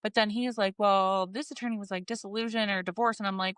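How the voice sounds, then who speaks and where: A woman's voice: mid-range voice, steady tone, quick pace, fairly bright tone, smooth, no room sound. A woman in her forties talking candidly and emotionally, swearing and acting out her own inner thoughts in a podcast chat. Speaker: podcast co-host.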